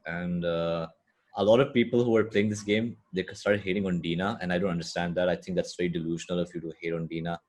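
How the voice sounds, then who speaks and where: A man co-hosting a podcast, talking through a video game in a casual, animated way with blunt opinions and plenty of filler words. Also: sits low, quick pace. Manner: animated, often paraphrases and quotes game scenes. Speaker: podcast co-host.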